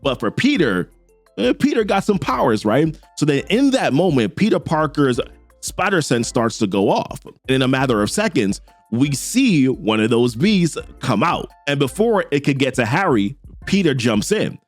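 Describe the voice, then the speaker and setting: A man hosting a casual comic book recap, retelling the story in a chatty, animated way with slang. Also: medium pitch, moderate pace, no echo, faint music behind.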